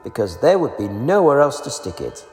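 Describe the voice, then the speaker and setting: A man's voice: medium pitch, big pitch swings, normal speed, darkish tone, soft background music. A man voicing a fussy, know-it-all male rabbit, reading a storybook aloud. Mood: musing. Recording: echoey room with reverb.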